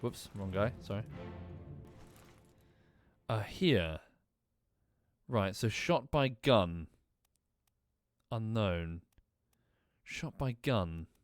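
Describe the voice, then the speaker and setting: A man's voice: on the low side, lively intonation, very slow, pauses often, music in the background. A man streaming a mystery game, casually thinking aloud, muttering and swearing now and then. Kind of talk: casual gameplay commentary.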